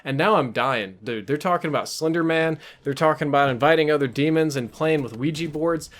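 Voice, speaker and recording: A man vlogging, telling a story in a casual, amused and animated way. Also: fairly high pitch, a little fast. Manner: animated, amused, self-mocking.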